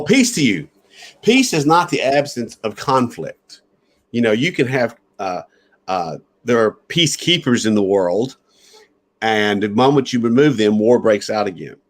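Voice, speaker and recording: A man who is a pastor, earnestly telling a personal story in an interview and chuckling at times. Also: medium pitch.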